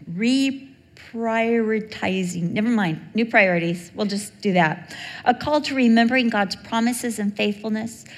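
A woman preaching a sermon, telling stories in an animated way and acting out the voices of the people in them. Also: medium pitch. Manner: animated storytelling, acts out quoted voices. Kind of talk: sermon with storytelling. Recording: long hall reverb.

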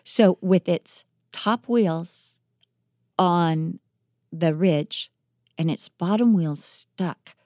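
Lady host telling a wild story, animated, dead dry mic. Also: fairly low pitch, drawn-out words, dry recording. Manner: lively, dramatic retelling with quoted voices.

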